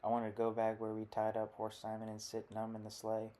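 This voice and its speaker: A man narrating a literary short story as an audiobook, with a low, steady, even delivery. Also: fairly quick.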